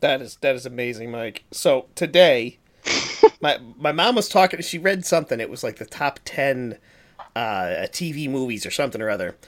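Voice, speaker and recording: Animated laughing podcast co-host. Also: mid-range voice, moderate pace. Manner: animated storyteller, laughing, swooping voice. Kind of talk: casual chat, anecdote.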